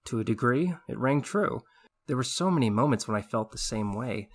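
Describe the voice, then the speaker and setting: A man narrating a first-person audiobook in a steady, measured read. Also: medium pitch.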